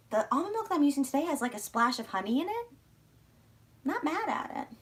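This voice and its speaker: A woman's voice: high voice, big pitch swings, fairly quick, a bit bright. Chatty young woman with a Philly accent. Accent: Philadelphia area. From outside Philadelphia. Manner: chatty, rambling, self-mocking. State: slightly hoarse. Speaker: vlogger. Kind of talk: casual livestream chat while packing.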